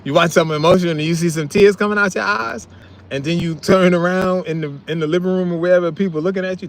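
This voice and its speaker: A middle-aged man with a fairly high voice chats loosely on a live stream, reading out viewer comments. He laughs often and drops into low mumbles. Faint street sounds hum behind him. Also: fairly even intonation, quick pace.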